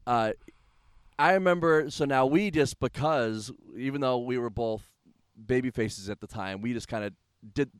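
A man's voice: medium pitch, moderate pace, clear, resonant tone, no echo, studio quality. A man hosting a casual wrestling podcast who laughs often and explains things for listeners. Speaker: podcast host, wrestling manager.

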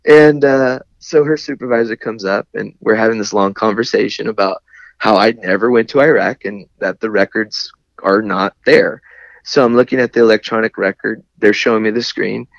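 A man with a low voice tells a personal story in a candid, wry way. The sound is dry and a little dull. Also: normal speed, creaky, dry recording. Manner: candid, wry, laughs at his own anger. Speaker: guest, Navy veteran. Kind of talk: conversational storytelling.

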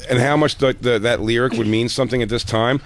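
A man's voice: medium pitch, fairly even intonation, fast talker. A man co-hosting a podcast in casual chat, rambling with restarts and crude jokes.

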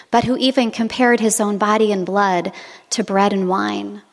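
Woman preacher, reflective storytelling sermon, fairly high voice, long reverb. Good for a church homily read. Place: monastery.

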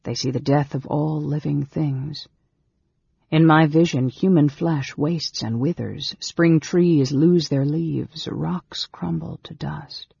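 A man voicing a frail, intense young male mage who speaks low, hushed and half-whispered. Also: slow pace, vocal fry, husky, dry recording, muffled recording, heavily acted. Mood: brooding.

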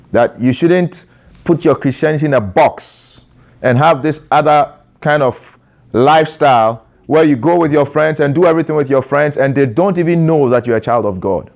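A man's voice: mid-range voice, darkish tone. Emphatic male preacher. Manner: emphatic, with repetition and drawn-out stressed phrases; addresses a young audience directly with questions. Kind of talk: sermon.

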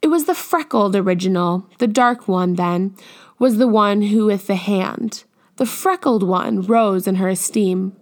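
Woman narrator, audiobook reading, measured, even, mid pitch. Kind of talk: scripted narration.

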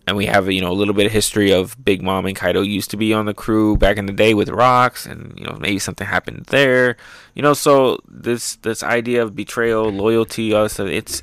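A man chats through a manga recap, loose and profane, with frequent fillers and laughs. His voice is fairly low and smooth. The recording is dry and close. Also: a bit bright, no room sound. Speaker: manga reviewer, show host. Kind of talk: casual manga recap and commentary.

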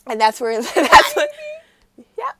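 A woman co-hosting a casual podcast. She recaps a drama in an animated storytelling way and uses "like" constantly. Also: high voice, slow pace. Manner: animated storyteller, heavy use of 'like'. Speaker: podcast co-host.

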